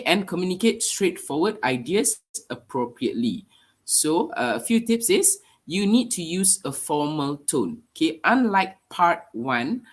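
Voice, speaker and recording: A man with a nasal, under-the-weather voice, teaching a live online writing lesson with hesitant fillers. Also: fairly high pitch. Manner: hesitant, many fillers, explanatory. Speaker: English teacher.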